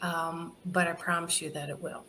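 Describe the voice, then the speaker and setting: Woman telling lively stories, lowish voice. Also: moderate pace, creaky, a little hiss or hum. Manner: lively anecdotal, laughs often, acts out quoted dialogue. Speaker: charity founder guest. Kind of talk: casual interview storytelling.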